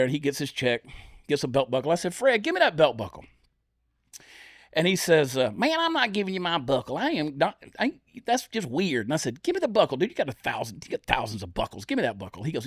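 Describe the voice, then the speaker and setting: Animated high-voiced storyteller man. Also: no room sound, clean studio sound. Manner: animated storyteller, lively acted-out quotes. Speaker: comedian guest. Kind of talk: storytelling on a podcast.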